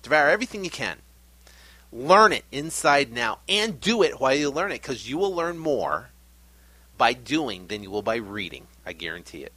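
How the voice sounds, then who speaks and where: A middle-aged man hosting a podcast, giving an energetic, animated pep talk. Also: medium pitch, normal speed, no room sound. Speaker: podcast host.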